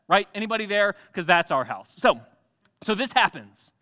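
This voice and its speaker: A young adult man preaching a sermon in a church, telling the story with animated energy, acting out voices and laughing often. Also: high-pitched, unhurried. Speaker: pastor.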